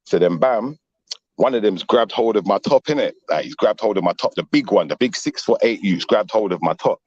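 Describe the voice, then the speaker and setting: A middle-aged man, telling a story in animated street slang on a casual stream panel. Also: fairly low pitch, fairly quick, no echo, lo-fi sound. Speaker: panel guest.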